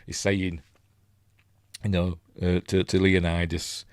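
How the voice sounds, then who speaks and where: Yorkshire man, lowish voice, casual film commentary, rambling, dry close sound. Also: level tone, slow, smooth, no room sound. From Yorkshire, England. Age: middle-aged. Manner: rambling, chatty, many fillers and restarts. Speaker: film review host.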